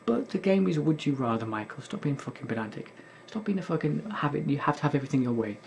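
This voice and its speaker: Sweary young guy rambling over a game, gravelly voice, bit of hiss behind. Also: on the high side, lively intonation, fast talker, darkish tone. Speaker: gaming video host. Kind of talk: casual commentary while playing.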